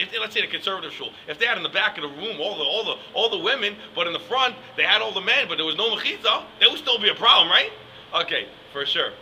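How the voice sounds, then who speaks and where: A young man rants for laughs, his voice high and sharply bright. He rattles off jokes at a quick clip, piling up "like"s and "I mean"s, with faint noise underneath. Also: low-quality recording. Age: young adult. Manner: rambling, joking, full of "like" and "I mean". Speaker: yeshiva student comic. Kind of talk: casual comedic rant.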